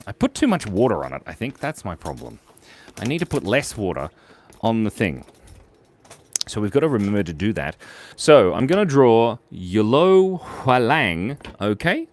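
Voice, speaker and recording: A man's voice: on the low side, big pitch swings, moderate pace, a little mellow, slight background noise. A man hosting a live drawing stream, chatting playfully and goofily with viewers as he draws their suggestions. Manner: playful, goofy, talks to the chat. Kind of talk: casual live-stream chat while drawing.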